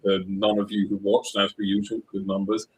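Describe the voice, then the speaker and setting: A man's voice: lowish voice, little pitch movement, a little fast, slightly rough, low-quality recording. A young man co-hosting a casual sports livestream, rambling with lots of likes and ums. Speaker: livestream co-host.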